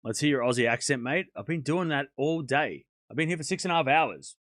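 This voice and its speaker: A man's voice: fairly high pitch, expressive, fairly quick, a bit bright, no room sound, clean studio sound. A man with a sore throat chatting casually to his live-stream audience while waiting out a rain delay. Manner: chatty, talks to chat, laughs often. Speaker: tennis watchalong streamer.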